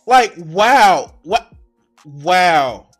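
High-voiced man ranting profanely. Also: expressive, drawn-out words, fairly bright tone, faint music behind. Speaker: streamer. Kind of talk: live reaction commentary.

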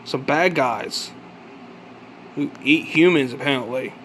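A man giving an angry, profane vlog rant, accusing and questioning with halting restarts. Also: mid-range voice, fairly bright tone, a little hiss or hum. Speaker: vlogger. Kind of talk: angry ranting monologue.

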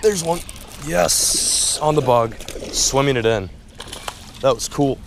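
Excitable young man fishing vlogger. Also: mid-range voice, takes it slowly, background noise. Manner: excitable, shouts when fish bite. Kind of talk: casual vlog narration. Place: outdoors at city ponds, later in a car.

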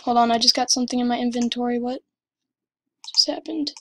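A woman giving excited commentary over her gameplay, gushing and exclaiming breathlessly. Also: on the high side, fairly quick, background noise. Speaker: gamer.

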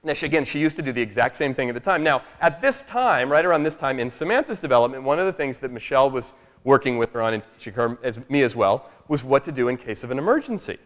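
A man telling a family story to a live workshop audience in an animated, chatty way, often asking "right?". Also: medium pitch, fast. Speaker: speaker at a workshop. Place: large room with a live audience. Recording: long echo of a large hall.

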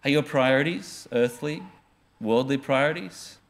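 A man's voice: medium pitch, a little slow. A male pastor, preaching earnestly and putting questions to his congregation. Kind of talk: sermon.

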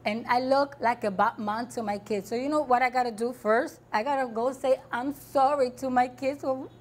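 A distressed woman with a high voice talks right after a talk show taping. She speaks emphatically and circles back to the same points again and again. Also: steady tone, normal speed. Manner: upset, emphatic, repeating herself.

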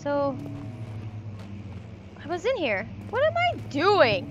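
A woman's voice: very high-pitched, wildly swooping pitch, takes it slowly, lo-fi sound. A young woman commentating a horror game casually, jumpy and swearing as she talks back to the game. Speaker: gamer. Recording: noisy recording.

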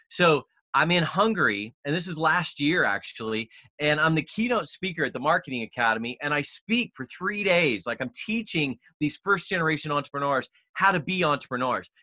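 Male podcast guest, upbeat storyteller, bright forceful voice, dry close sound. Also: medium pitch, no echo. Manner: energetic, emphatic, storytelling. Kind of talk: enthusiastic interview talk.

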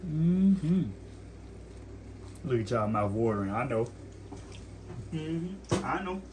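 A man's voice: mid-range voice, big pitch swings, slow, darkish tone, a little hiss or hum. A young man hosting his own casual cooking vlog, laid-back and talking straight to his viewers while he tastes his food. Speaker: cooking vlogger.

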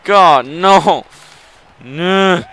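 Young male gamer, high bright voice, swings wildly from groans to yells, frequent swearing; live play commentary. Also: drawn-out words. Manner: excitable, swears and shouts at the game. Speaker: gamer commentating his own match.

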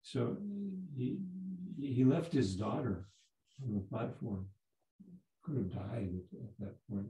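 A man in his seventies, a Zen teacher giving a dharma talk, telling a story in a halting way with many restarts. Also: lowish voice, dark tone. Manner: halting, repeats words and restarts. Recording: roomy echo.

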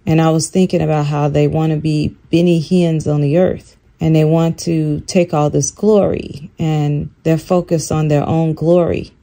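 An older woman recounting a dream in casual storytelling, animated and acting out quoted lines in a higher voice. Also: measured pace, few pauses. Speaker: channel host.

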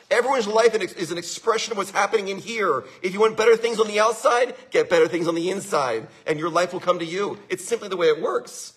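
A man's voice: high voice, sharp tone, breathy edge. A man who owns a winery giving an enthusiastic, repetitive motivational talk, laughing often.

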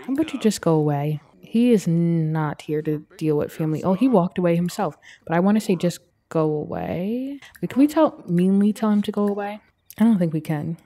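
A woman's voice: on the low side, animated, warm tone. Chatty young woman narrating gameplay. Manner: chatty, voices characters in quick asides. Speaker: let's play gamer. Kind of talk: casual gameplay commentary.

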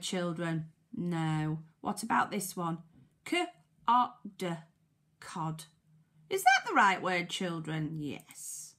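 A primary school teacher with a British accent reads a picture book to young children, sounding out letters slowly in a sing-song way and asking them questions. Her voice is medium-pitched, bright and forceful.

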